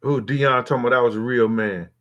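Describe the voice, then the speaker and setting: Guy doing a livestream, mid pitch, rambles, swears, chats back at the comments. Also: fast, fairly bright tone, muffled recording. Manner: rambling, profane, talks straight to viewers. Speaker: livestream host reading chat. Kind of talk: casual live-stream chat.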